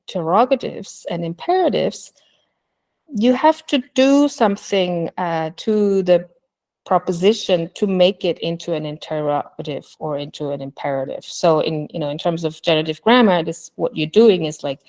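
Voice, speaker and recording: A woman's voice: fairly low pitch, a little mellow. A woman giving an academic linguistics talk at an online conference over a computer mic, thinking aloud with many fillers and restarts. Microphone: computer mic on a video call.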